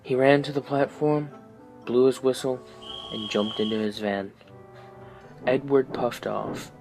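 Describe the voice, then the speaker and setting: A man narrating a children's storybook aloud with an expressive reading. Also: mid-range voice, unhurried, vocal fry, music in the background, low-quality recording.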